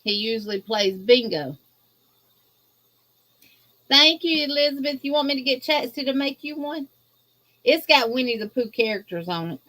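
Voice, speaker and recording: A Southern woman with a Louisiana accent, talking on a live stream with a fairly high, light voice. She chats casually and folksily with viewers, stretching out her cheerful greetings as she reads their comments. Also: lively intonation, moderate pace, long pauses, bright, forceful tone. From Louisiana, USA. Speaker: guest host of a crochet livestream. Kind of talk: casual livestream chat reading viewer comments.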